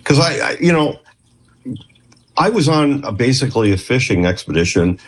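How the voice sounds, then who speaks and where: A man's voice: medium pitch, big pitch swings, moderate pace, husky. A middle-aged man, a former clinician, telling rambling stories in an interview and often acting out quotes. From Canada. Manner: rambling, chatty, with frequent restarts and acted quotes. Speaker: guest, former clinician who worked with police. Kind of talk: storytelling interview.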